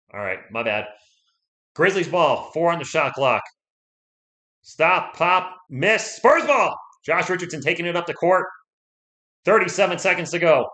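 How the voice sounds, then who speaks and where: A man doing fan play-by-play commentary on a livestream, excitable and shouting at big plays, a little hoarse from losing his voice. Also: on the high side.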